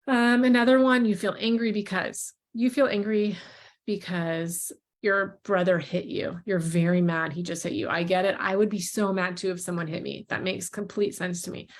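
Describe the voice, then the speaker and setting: A woman, a mother and parenting creator, giving casual advice in a calm, reassuring way and modeling gentle phrases to say to children, with frequent ums. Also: medium pitch, moderate pace. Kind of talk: casual advice talk with role-played parent lines.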